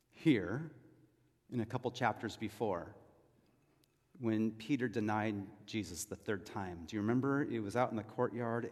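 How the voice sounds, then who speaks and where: A man from California preaching a sermon as pastor, telling it conversationally with asides and questions to the congregation. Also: medium pitch. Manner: conversational storytelling with frequent asides and rhetorical questions. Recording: long reverb of a large hall.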